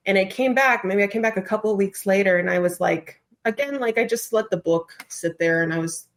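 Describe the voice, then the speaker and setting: A woman, a trained actor, who is a podcast guest, telling a story in casual, expressive chat and swearing now and then. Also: medium pitch.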